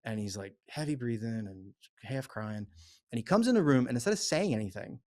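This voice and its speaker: Middle-aged guy on a podcast, cussing, telling a wild story, mid-pitched voice. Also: brisk. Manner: profane, animated storyteller. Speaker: podcast co-host. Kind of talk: casual storytelling chat.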